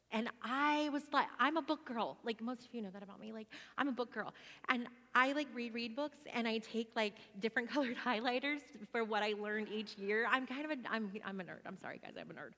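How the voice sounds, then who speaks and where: A woman in her forties telling a personal testimony to a church gathering in a chatty, animated way, with many fillers. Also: a little high, fairly quick, in a large hall.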